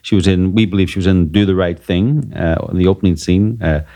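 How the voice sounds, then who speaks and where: A man with a very deep voice hosts a news podcast. He chats casually about the day in court. He pauses often and fills the gaps with hesitant sounds. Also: mellow. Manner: hesitant, many filler sounds. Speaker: podcast host and trial reporter.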